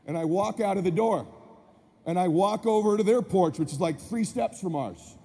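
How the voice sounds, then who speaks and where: A man with a high, mellow yet gravelly voice tells a story to a live audience. He speaks with energetic, punchy delivery. The sound is echoey, with a long hall reverb and faint background noise. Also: normal speed. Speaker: motivational speaker.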